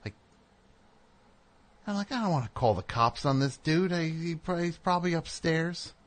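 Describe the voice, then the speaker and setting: A middle-aged man hosting a show, telling a casual story and acting out the people in it with sudden loud outbursts. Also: fairly high pitch, moderate pace. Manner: animated, acts out voices with loud outbursts. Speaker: host.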